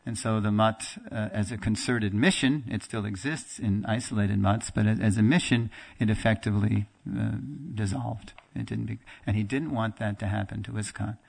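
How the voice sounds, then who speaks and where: A man's voice: lowish voice, moderate pace, gravelly, hardly any pauses. Man telling a story in class. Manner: animated storyteller, acts out quoted dialogue; conversational with fillers and restarts, laughs now and then. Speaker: teacher of a religious class. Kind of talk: storytelling lecture.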